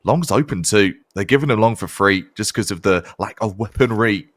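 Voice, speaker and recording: A man calling a competitive shooter match as play-by-play caster, with lively, punchy calls and slang. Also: on the low side, normal speed, dry recording. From Canada. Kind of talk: esports play-by-play commentary.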